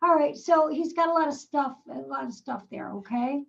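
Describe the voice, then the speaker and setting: A woman's voice: high voice, moderate pace, vocal fry, muffled recording. A woman psychic medium giving a live reading, asking probing questions and calling the sitter darling and sweetheart.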